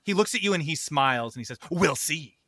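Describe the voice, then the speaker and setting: A man narrating as game master in a tabletop game, animated. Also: a little high, very fast, dry recording, clean studio sound. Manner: animated, laughing.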